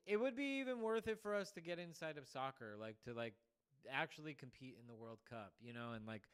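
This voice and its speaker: A man's voice: fairly high pitch, a bit bright, clear, resonant tone. A man hosting a show, giving a rambling political monologue full of "like" fillers. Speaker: show host.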